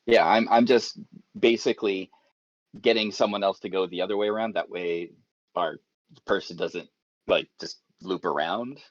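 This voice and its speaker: A man player at a tabletop game, laying out his character's moves with false starts. His voice is very deep and dry, and it comes through a dull, lo-fi mic. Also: normal speed, dry recording. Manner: explains plans with restarts. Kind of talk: casual tabletop game chat.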